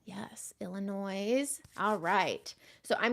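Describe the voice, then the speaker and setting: Woman makeup host, casual live chat, gravelly tone, mutters asides to herself. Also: mid-range voice, brisk. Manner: chatty, greets viewers, drifts into soft muttered asides. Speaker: makeup artist hosting a livestream.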